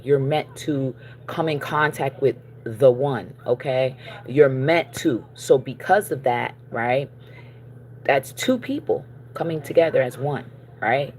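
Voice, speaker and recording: A casual spiritual card reading delivered in an easygoing, chatty voice at a mid pitch. The reader keeps reassuring listeners and checking in with them, wandering through fillers and self-corrections. Faint noise sits under the voice. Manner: encouraging, checks in with listeners with frequent "okay?" and "all right?".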